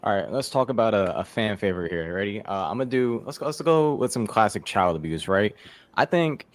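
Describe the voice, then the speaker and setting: A man's voice: lowish voice, lively intonation, brisk. A man performing a stand-up comedy set, loose and profane, with lots of fillers. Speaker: comedian contestant.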